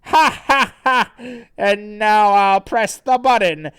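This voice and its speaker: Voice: mid-range voice, slow pace, fairly bright tone, clean tone, no room sound, clean studio sound, voice pushed up. A streamer voicing a pompous, scheming villain doctor who gloats and laughs. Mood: gloating.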